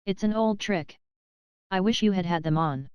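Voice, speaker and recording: A woman's voice: medium pitch, normal speed, clean tone, dry recording, highs cut off, natural voice. A woman reading the part of a curt, dictatorial young male English official in an audiobook.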